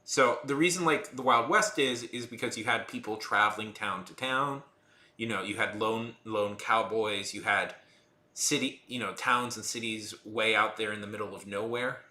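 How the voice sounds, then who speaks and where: A man's voice: on the low side, moderate pace, bright, forceful tone, echoey room. A man hosting a casual live chat, rambling with many restarts and fillers. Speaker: livestream host.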